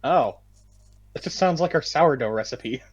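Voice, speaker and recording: Foul-mouthed American man, lively voice. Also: a little high, normal speed, breathy edge, lo-fi sound. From United States. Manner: profane, blunt, mock-outraged. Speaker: podcast co-host. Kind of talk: casual podcast chat.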